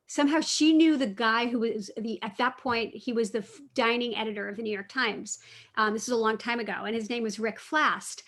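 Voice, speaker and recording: A middle-aged woman author chatting with students, telling stories in a lively way and correcting herself as she goes. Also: on the high side. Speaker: cookbook author and food writer. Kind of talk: casual talk answering students' questions.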